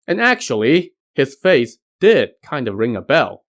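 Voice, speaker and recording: A man's voice: mid-range voice, big pitch swings, a little slow, a bit bright. A man hosting a podcast, narrating a folk tale with wry conversational asides. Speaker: podcast host. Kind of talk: storytelling narration.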